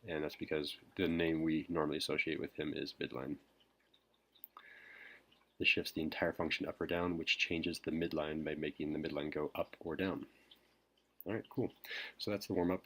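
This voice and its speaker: A man teacher whispering a recorded math lesson, hesitant with frequent pauses. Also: very deep voice. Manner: whispering softly; hesitant, many ums.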